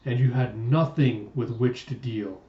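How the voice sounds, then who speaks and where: A man voicing a sinister old male doctor, calm and cruel, who draws out his words and drops the ends of sentences low and soft. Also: natural voice. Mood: menacing. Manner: slow, drawn-out menace, name-endings dropped low and soft. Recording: roomy, distant, dull lo-fi sound.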